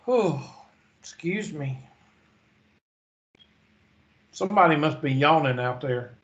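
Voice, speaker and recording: A man's voice: fairly high pitch, a bit bright, highs cut off. A man teaching a math lesson, drowsy and yawning, methodically reading numbers and calculator steps one by one. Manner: slow, methodical, reads digits one by one. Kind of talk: calculator walkthrough lecture.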